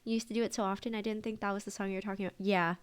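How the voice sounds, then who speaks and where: A woman streamer chatting casually with her viewers during a reaction stream. She gets excited easily, exclaims often and sprinkles Japanese phrases into her talk. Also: medium pitch, rapid-fire, clear, resonant tone.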